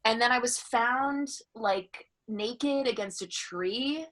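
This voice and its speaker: A woman's voice: fairly high pitch, slow pace, a bit bright. A woman comedian, a guest telling candid, profane stories in casual chat. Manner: candid, profane, bursts of laughter.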